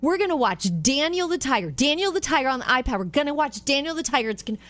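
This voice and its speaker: A woman acting out a frazzled young mother, coaxing her toddler in a rushed, singsong plea. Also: high-pitched, expressive, fairly bright tone, no room sound, voice pushed up.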